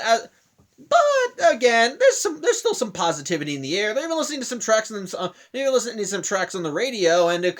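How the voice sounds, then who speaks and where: A young man casually recapping a cartoon episode, rambling with frequent restarts and self-corrections. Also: sits high. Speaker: show recap reviewer.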